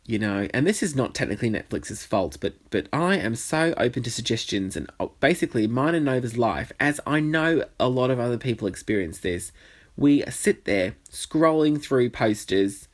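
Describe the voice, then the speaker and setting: A man's voice: medium pitch, expressive, normal speed. A man hosting a casual solo podcast, rambling through tangents with plenty of swearing. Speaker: podcast host, drag performer. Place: bedroom.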